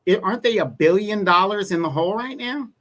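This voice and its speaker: A man with a high, bright voice, speaking as a guest on a live online talk show. He argues emphatically and drives his points home through repetition. He speaks in a loose, conversational style. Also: lively intonation, a little fast. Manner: emphatic, builds arguments with repetition. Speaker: guest commentator. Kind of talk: casual political talk.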